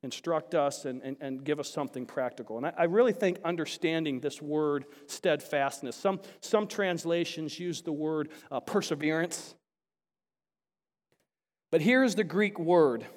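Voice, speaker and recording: A man preaching a sermon to a congregation, chatty with restarts and then rising to animated, emphatic bursts. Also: a little high, measured pace. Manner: chatty asides, frequent restarts. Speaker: pastor. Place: large church sanctuary. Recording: long hall reverb.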